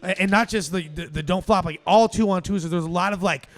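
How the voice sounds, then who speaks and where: A man co-hosting a casual podcast chat with animated, slangy, swearing banter. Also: sits high, fairly quick. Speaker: co-host.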